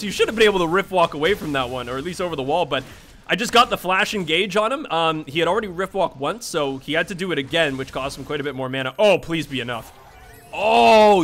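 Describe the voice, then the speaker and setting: A male gamer gives live commentary on his own match. His voice is bright and sits a bit higher than most men's. He talks in a chatty, excitable way and swears freely at teammates. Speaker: gaming streamer.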